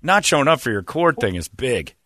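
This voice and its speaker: A man's voice: mid-range voice, very animated, a little fast, pushed and bright, dry recording, studio quality. A man hosting a call-in radio show, teasing callers and joking with his co-hosts.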